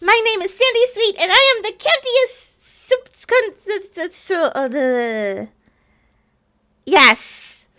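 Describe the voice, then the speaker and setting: A woman's voice: extremely high pitch, animated, slow, sharp tone, pitched above the performer's own voice, heavily acted. A woman voicing a bubbly, candy-loving girl who giggles and stumbles over her words. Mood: excited.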